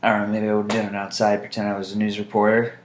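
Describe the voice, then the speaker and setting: A man's voice: fairly low pitch, completely flat delivery, very fast, a little hiss or hum. A man chatting casually to camera in a vlog, meandering and dry-humored, with frequent fillers. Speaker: vlogger. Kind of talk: casual rambling monologue to camera.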